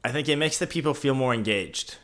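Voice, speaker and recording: A man's voice: medium pitch, fairly quick, fairly bright tone. A young man co-hosting a podcast in casual chat, playful and jokey with his co-host. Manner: playful, jokey, sings out goodbyes.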